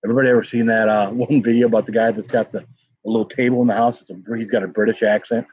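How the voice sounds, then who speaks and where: Husky-voiced man chatting on a livestream. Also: fairly low pitch, fairly even intonation, fast talker, darkish tone. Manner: rambling, greets chat viewers by name. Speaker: pepper-tasting livestream host. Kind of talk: casual live-stream chat. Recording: dull lo-fi sound.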